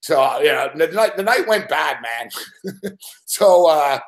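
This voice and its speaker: Foul-mouthed dude rambling through a story, kinda high voice, growls and laughs it out. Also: male voice, animated, slow. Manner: swears constantly, rambling, acts out growls and laughs. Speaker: show regular telling a story. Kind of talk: casual profane storytelling.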